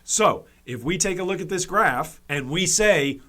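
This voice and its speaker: A man's voice: a little high, animated, moderate pace, hardly any pauses, pushed and bright. A man hosting a gaming commentary video, speaking emphatically and repeating key points for stress, with frequent restarts and fillers.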